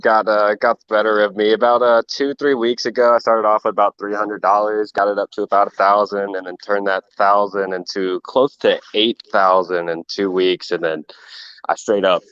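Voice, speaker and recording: A man calls in to a trading stream from his workplace and talks casually about his trades. His voice sits low. The audio is dull and muffled, like a call, and it has no echo. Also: level tone, moderate pace, a bit bright, smooth. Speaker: caller. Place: at work, audio only.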